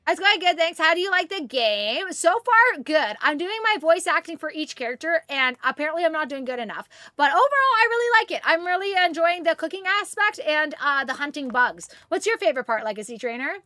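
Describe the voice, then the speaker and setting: Woman streamer, chatty, excitable, high voice, very lively pitch. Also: brisk, hardly any pauses, no room sound, clean studio sound. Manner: chatty, excitable, reads chat aloud. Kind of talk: casual chat while gaming.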